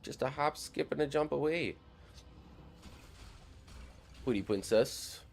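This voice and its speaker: A man's voice: fairly high pitch, slow, creaky, slight background noise, pitched above the performer's own voice. A man voicing a jolly, neighborly Upper Midwest guy in an exaggerated Minnesota accent, sing-song and teasing.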